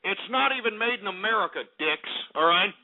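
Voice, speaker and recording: A man's voice: sits high, animated, fairly quick, a little hiss or hum. A man hosting a talk-radio show, ranting sarcastically and profanely about commodity prices. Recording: phone-like radio broadcast.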